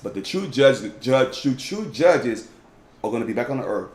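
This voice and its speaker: Man, informal Bible teacher, animated, emphatic, echoey room. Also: mid-range voice, moderate pace. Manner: emphatic, repeats "y'all", swings from loud to hushed. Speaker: teacher leading a Bible study.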